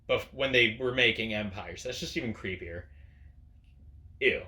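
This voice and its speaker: Indoors in front of a camera, a male video host delivers a sarcastic, profanity-filled opinion rant. He speaks on the low side at a moderate pace, with a sharp tone.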